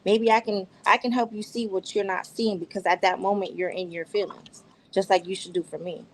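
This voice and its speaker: A woman's voice: mid-range voice, steady tone, a little fast, poor audio. A woman on a podcast panel who speaks earnestly and repeats her points for emphasis. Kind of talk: casual podcast discussion.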